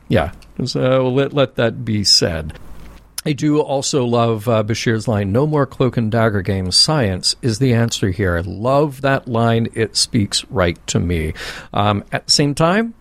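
A man's voice: mid-range voice, vocal fry. A man co-hosting a podcast, chatting casually and emphatically with frequent exclamations. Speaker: podcast co-host. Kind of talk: casual chat.

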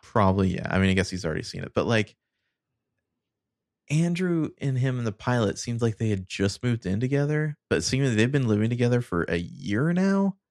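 A man's voice: medium pitch, big pitch swings, a little fast, a little mellow, no room sound, studio quality. A man co-hosting a casual podcast, musing with hesitant, sardonic asides. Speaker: podcast co-host. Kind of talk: casual chat.

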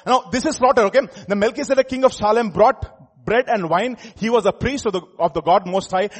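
A male pastor preaching a sermon, animated, chuckling and rising to loud emphasis, often asking the congregation questions. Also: high-pitched, brisk, few pauses, breathy edge.

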